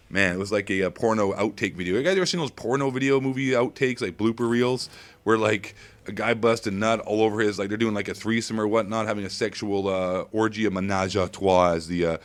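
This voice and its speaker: Hyper, crude male game commentator. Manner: hyper and crude, swinging between squeaky highs and low mutters. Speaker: gameplay commentator.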